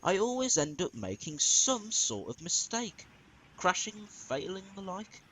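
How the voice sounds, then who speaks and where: A man's voice: high-pitched, very animated, unhurried, a bit bright, a little hiss or hum, pitched above the performer's own voice, heavily acted, rough recording. A man voicing a proud, impatient male steam engine in a fan-made storybook, impatient and then earnest.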